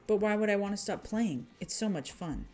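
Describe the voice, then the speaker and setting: A woman's voice: mid-range voice, animated, fairly quick, warm tone, faint music behind, lightly acted. A woman doing a cold, arrogant young heir. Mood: cold, smug. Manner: condescending, clipped.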